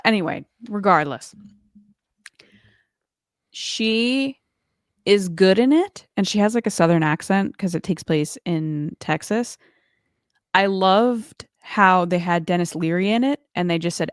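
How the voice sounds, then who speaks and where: Her pitch sits fairly low and her smooth delivery moves at a measured pace as she co-hosts a laid-back podcast. She peppers her talk with "like" and does playful impressions when quoting people. Clean studio sound, no echo.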